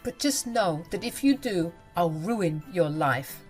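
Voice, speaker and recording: A woman's voice: lowish voice, animated, a little slow, soft background music. Woman voicing Nicola, a cold vengeful wife. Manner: cold, cutting and defiant. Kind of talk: dramatic storytelling.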